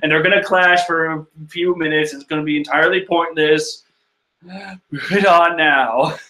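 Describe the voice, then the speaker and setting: Guy with a bright punchy voice reacting to manga pages, rambly, swears a lot, gets hyped. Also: a little high, moderate pace. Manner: excitable, swears, laughs, trails off. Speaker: manga chapter reader and reactor. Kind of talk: casual rambling commentary.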